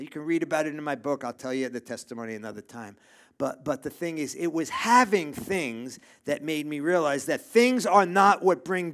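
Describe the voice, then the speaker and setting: A man's voice: mid-range voice, a bit bright. A middle-aged man preaching a sermon to a congregation. He talks emphatically, repeats his phrases and keeps checking in with "okay?". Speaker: pastor. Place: church room with a congregation.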